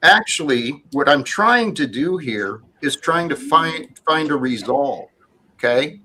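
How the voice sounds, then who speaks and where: A man hosting a heated panel argument, who insists again and again that the other speaker calm down and hear him out. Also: a little high, slow, low-quality recording. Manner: insistent, repeats calls to calm down. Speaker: host.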